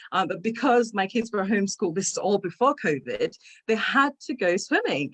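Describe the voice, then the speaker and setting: A middle-aged woman, a guest speaker on an online talk, earnestly telling a personal story and repeating words when it gets emotional. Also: on the low side. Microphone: video call microphone.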